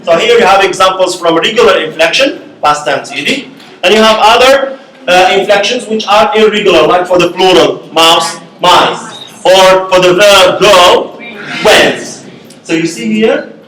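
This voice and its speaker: A man's voice: high voice, measured pace, a bit bright. A man giving a university linguistics lecture, explaining step by step and checking in with the class with frequent "okay?" and "right?". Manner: explains step by step with many okays and rhetorical checks. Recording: echoey classroom.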